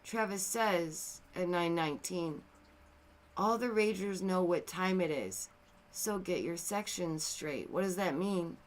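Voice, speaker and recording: A woman with a fairly low voice speaks slowly while hosting a casual commentary video. She's animated and exasperated, alternating loud outbursts with subdued, somber asides.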